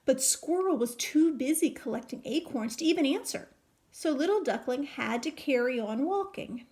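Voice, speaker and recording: A woman teacher reading a picture book aloud to young children, animated and full of questions. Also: high-pitched, normal speed. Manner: animated, questioning, sing-song.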